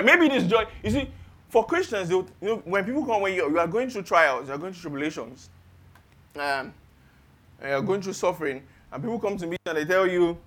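Nigerian guy preaching, high voice, swings up and down a lot, keeps asking the crowd stuff. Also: a little fast, a little hiss or hum. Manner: animated, rhetorical questions to congregation. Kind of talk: sermon.

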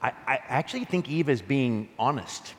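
Animated male pastor in a reverberant hall. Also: medium pitch, normal speed. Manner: animated, conversational preaching with laughs. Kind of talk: sermon.

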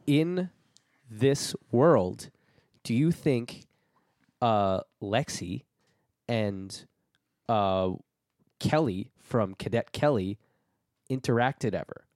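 Male co-host, chatty, lively swooping pitch, dry sound. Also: extremely slow, pauses often, no echo. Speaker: podcast co-host. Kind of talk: casual chat.

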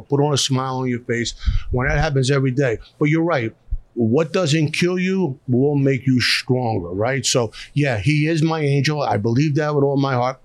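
A man's voice: medium pitch, no echo. A middle-aged man with a Philadelphia accent, a restaurateur speaking bluntly and emotionally as a guest in a podcast interview, often repeating himself. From South Philadelphia.

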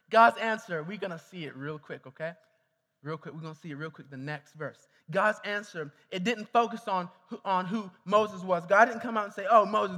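A man's voice: high voice, sharp tone. A man preaching a sermon, repeating phrases and calling on the congregation to answer back. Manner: repeats himself, calls on congregation to respond. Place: church hall. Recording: reverberant hall.

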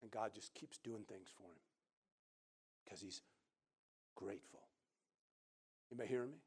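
A middle-aged man, preaching and telling a lively personal story, acting out other people's voices. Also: lowish voice, normal speed, slightly rough. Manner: animated storyteller who acts out quoted voices loudly. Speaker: pastor. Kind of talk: sermon storytelling.

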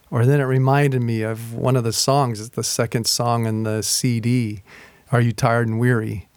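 A man preaching as a pastor, telling a personal story in a slow, reflective way and reading scripture aloud slowly. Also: mid-range voice, little pitch movement, darkish tone, clean tone, no room sound. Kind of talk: sermon.

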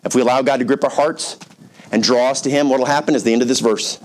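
A man's voice: medium pitch, fast. A male pastor preaching a storytelling sermon in a conversational, emphatic way, with casual asides to his listeners.

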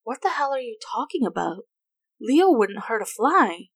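A woman voicing an angry, protective woman who orders an intruder out, in a sharp, commanding manner. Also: on the high side, big pitch swings, unhurried, slightly rough, no room sound, voice pushed up, full character voice. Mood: furious. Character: angry protective woman defending her partner.

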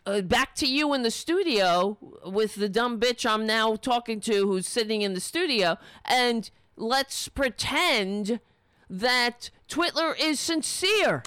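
A profane, sarcastic woman ranting with lively pitch. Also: clean tone, no echo, clean studio sound. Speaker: political commentator. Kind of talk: angry political rant.

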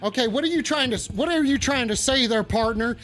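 A man voicing a pot-smoking cowboy who runs a call-in radio bit, all drawl and profane swagger. The voice sits very high and sounds bright and forceful, with faint music underneath. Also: brisk. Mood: blustering. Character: stoned blustering male cowboy radio host. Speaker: call-in show host.

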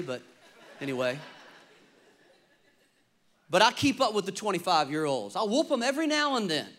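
A man about to turn fifty, preaching a lively, humorous sermon and calling on the congregation to respond. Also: high voice. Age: 40s. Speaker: pastor.

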